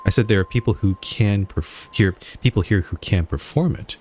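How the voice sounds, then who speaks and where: A man putting on a French accent to read the lines of a formal French gentleman in a game. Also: lowish voice, moderate pace, a little hiss or hum, natural voice. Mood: earnest. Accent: put-on French.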